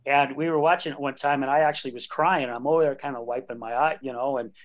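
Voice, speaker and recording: A man's voice: mid-range voice, steady tone, fast talker. A man in his late fifties hosting a podcast, talking candidly and joking, laughing often. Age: late 50s. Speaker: podcast host. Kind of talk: casual conversation.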